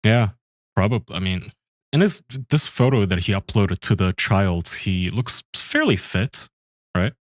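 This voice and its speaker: A man co-hosting a podcast in casual chat, dropping deadpan remarks. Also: on the low side, a little slow, no room sound, studio quality. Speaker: podcast co-host.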